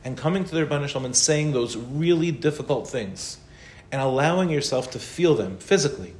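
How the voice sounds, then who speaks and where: A rabbi gives an informal Torah class and answers questions, speaking conversationally in an animated, brisk, mid-range voice with a darkish tone. He mixes in Hebrew and Yiddish terms, and the recording has a roomy echo with faint noise.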